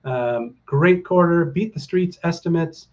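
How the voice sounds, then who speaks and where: A man's voice: a little high, unhurried, highs cut off. A middle-aged man hosting a casual livestream for his viewers, rambling and upbeat, with lots of fillers and a rallying tone. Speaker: stock market livestream host.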